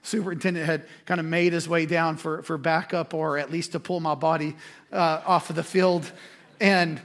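A man, a pastor preaching a sermon and telling a self-deprecating story with animated energy. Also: fairly high pitch, moderate pace.

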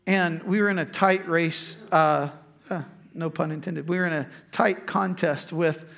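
A man's voice: on the high side, steady tone, a little slow, creaky, a bit bright. A man preaching, telling a personal story in a conversational way before turning to scripture. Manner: conversational storytelling, frequent restarts. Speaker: pastor.

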